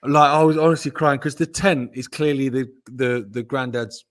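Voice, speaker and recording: A man's voice: mid-range voice, steady tone, moderate pace. A man co-hosting a podcast, telling jokey stories in casual banter, often laughing and swearing. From Britain. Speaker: co-host.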